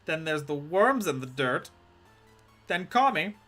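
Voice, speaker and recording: A man voicing a sinister, bossy male genie servant who drags out his menacing threats slowly. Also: a little high, sing-song, sharp tone, faint music behind, exaggerated voice. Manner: slow, drawn-out menacing threats.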